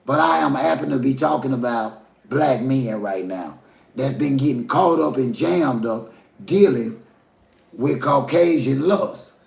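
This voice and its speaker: A man's voice: medium pitch, unhurried, creaky, darkish tone, echoey room. A man from the American South with a Southern accent, giving a folksy, preachy opinion rant and talking straight to his viewers. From Southern United States. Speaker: commentary vlogger.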